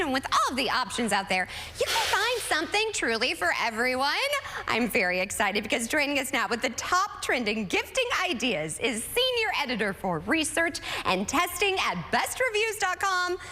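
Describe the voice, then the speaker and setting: A woman's voice: high voice, pushed and bright. A woman hosting a TV talk show, chatting with a guest in an upbeat, enthusiastic way. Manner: bubbly and enthusiastic. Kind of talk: upbeat morning show interview.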